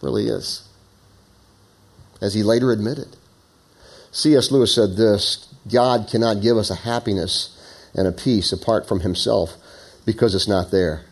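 Middle-aged man, pastor, sermon, storytelling, hushed lows, loud high emphasis. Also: measured pace, gravelly, long pauses, breathy edge. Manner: storytelling preacher, swings between hushed low lines and loud high emphasis.

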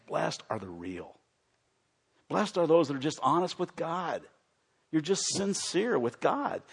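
A middle-aged man preaching a sermon as a pastor, moving from loud, excited emphasis to soft, quiet storytelling. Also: on the high side, slightly rough. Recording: long hall reverb.

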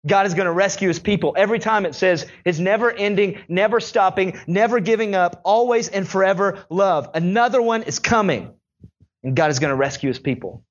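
A young male pastor preaching a sermon in a conversational, animated storytelling way. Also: high voice, fairly quick, dull audio.

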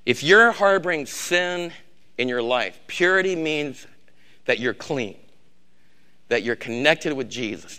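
With a clear, resonant tone, an older male pastor preaches, dropping from loud exhortation to quiet, low emphasis and repeating words for weight.

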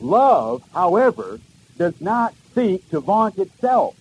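A middle-aged male pastor preaching with an earnest, questioning delivery and emphatic repetitions. His voice sits a little high for a man yet sounds dark and mellow. A faint hiss of noise runs behind him. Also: big pitch swings, takes it slowly, poor audio. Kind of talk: sermon.

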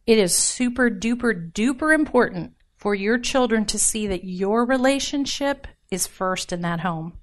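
A women's ministry speaker talks about marriage in an informal, joking sermon, addressing the audience head-on and prompting them to respond. Her medium-pitched voice is animated, keeping a measured pace with few pauses.

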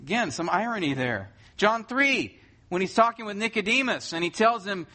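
Bright-voiced man preaching a sermon. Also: high voice, expressive, moderate pace. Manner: conversational, rhetorical questions. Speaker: pastor.

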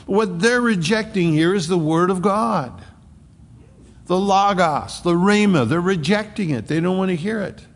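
A male pastor preaching a sermon. He swings between emphatic, rising outbursts and hushed, low asides. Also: a little slow. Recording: long reverb of a large hall.

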